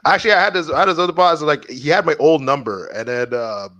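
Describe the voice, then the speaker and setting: A man chatting casually on a podcast, relaxed and full of fillers, repeating his words as he goes. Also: a little high, quick pace. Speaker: podcast co-host. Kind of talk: casual group chat.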